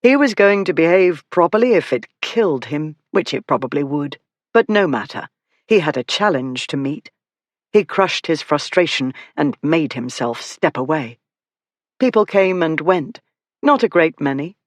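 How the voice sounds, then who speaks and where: An audiobook narrator reading a historical romance in measured, expressive scripted narration. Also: mid-range voice, no room sound.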